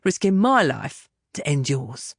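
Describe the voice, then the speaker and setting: A man's voice: a little high, big pitch swings, unhurried, dry recording, clean studio sound, voice pushed down, exaggerated voice. Woman doing a grumpy stubborn young guy in an audiobook, blunt and argumentative. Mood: grumbling. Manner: gruff, combative, plain-spoken. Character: blunt stubborn young man, scared of the sea.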